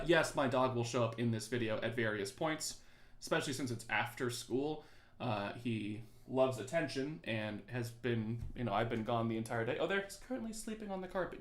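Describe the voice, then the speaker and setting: Young male teacher, relaxed livestream banter, medium pitch, echoey apartment room. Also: vocal fry. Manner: chatty, joking, reads chat aloud. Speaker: teacher hosting a review livestream. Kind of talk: casual livestream chat to students. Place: his apartment.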